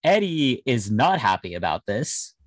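A man co-hosting a casual podcast chat, lively and amused. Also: medium pitch, unhurried.

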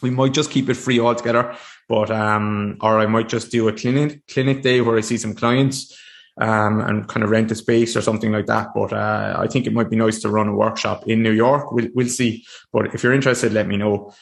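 A man's voice: fairly low pitch, flat delivery, brisk, vocal fry. A man hosting a solo podcast, talking casually to a screen with frequent restarts and fillers. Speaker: podcast host. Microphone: desk mic facing a screen.

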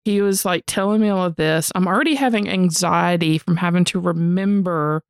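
A woman in her forties with a Southern US accent, co-hosting a podcast and telling a story in a casual, animated, profane way. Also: lowish voice, normal speed, clear, resonant tone, no echo, clean studio sound. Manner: animated, profane, frequently says y'all. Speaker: podcast co-host.

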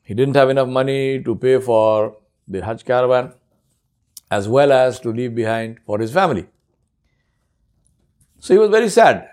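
A man's voice: mid-range voice, animated, normal speed, long pauses, darkish tone. A man preaching a sermon, telling a story earnestly and using frequent Arabic honorifics.

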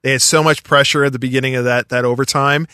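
A man with a bright, forceful voice talks casually and tells a rambling story. His fillers pile up as he gets into it. The sound is dry and close. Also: medium pitch, steady tone, quick pace, smooth, dry recording. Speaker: podcast guest. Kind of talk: casual chat.

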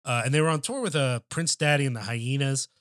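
A man's voice: medium pitch, fast, fairly bright tone, dry recording, studio quality. A man co-hosting a podcast in casual chat, telling a loose, profane story with lots of filler words. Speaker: podcast co-host.

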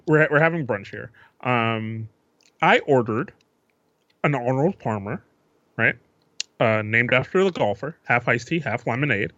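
Male podcast co-host, laid-back and profane, slightly high voice, dull dry audio. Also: a bit bright, no echo. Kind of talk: casual storytelling chat.

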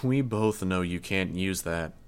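A man voicing a calm, measured young woman with insect powers in an audiobook reading. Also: low-pitched, clean tone. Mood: cool. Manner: cool, measured.

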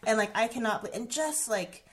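A woman in her thirties tells a personal story in a relaxed conversation. She speaks earnestly and often restarts, leaning on "like" and "um". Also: a little high, moderate pace, a loud crowd. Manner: earnest, heavy use of "like" and "um", many restarts. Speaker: guest sharing a personal story.

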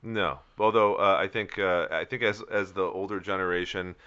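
A man co-hosting a casual sports podcast, talking in a halting way with many fillers and restarts. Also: low-pitched, fairly even intonation, sharp tone, clean tone, muffled recording. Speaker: co-host of a fantasy football podcast. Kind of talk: casual chat.

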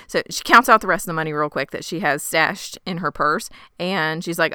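A woman's voice: on the low side, brisk, few pauses, bright, forceful tone, clean tone. A woman co-hosting a podcast, recapping a TV episode in casual chat with wry asides. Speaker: podcast co-host.

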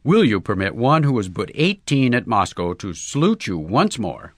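A man plays an excitable Russian man with a thick put-on accent, bursting out in broken, gushing English. His voice leaps all over and sits low underneath, in a dry, close sound. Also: moderate pace, no room sound. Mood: effusive. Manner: broken English, effusive and exclamatory. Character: boisterous Russian man, excitable celebrity novelist.

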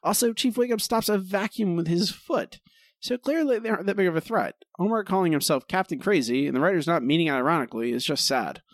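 Exasperated man with a lively voice. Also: high voice, a little fast, dry recording, clean studio sound. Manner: critical, exasperated reviewing. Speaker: podcast co-host. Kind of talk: casual podcast chat.

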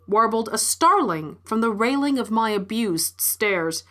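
A woman's voice: on the high side, animated, unhurried, sharp tone. Woman narrating a story wryly. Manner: wry first-person storytelling. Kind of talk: scripted narration.

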